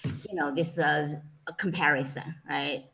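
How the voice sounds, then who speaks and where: A woman's voice: low voice, steady tone, measured pace, vocal fry, pushed and bright, a little hiss or hum, low-quality recording. Chinese-accented woman teaching with many fillers. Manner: many fillers like "you know" and "okay". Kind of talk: informal online lecture.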